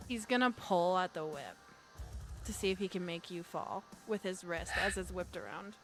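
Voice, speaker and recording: A woman's voice: fairly low pitch, moderate pace, faint music behind. A woman running a tabletop game as game master, narrating playfully, laughing often, and swearing in mock outrage.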